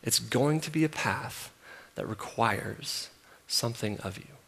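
A man's voice: mid-range voice, a little slow, creaky, slightly rough. Emphatic preacher man in a big hall. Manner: emphatic, repeats phrases, swings from loud to soft. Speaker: pastor. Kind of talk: sermon. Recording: long hall reverb.

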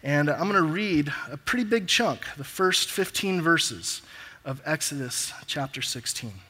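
A man preaching a sermon as pastor and reading scripture aloud with pauses. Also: fairly high pitch, animated, sharp tone. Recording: long reverb of a large hall.

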